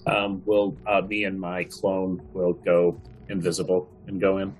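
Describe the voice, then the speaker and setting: A man plays at a tabletop game in a very deep, flat voice that hardly rises or falls. He asks quick, matter-of-fact questions, with faint music in the background. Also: poor audio. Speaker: player. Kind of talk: casual tabletop play.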